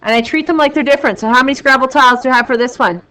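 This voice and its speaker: A woman teaches a math class in a loud, excitable voice. She jokes at her own expense between steps, and a faint hiss runs under the recording. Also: high-pitched, racing, rough recording. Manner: loud, excitable, self-mocking. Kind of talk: classroom lesson.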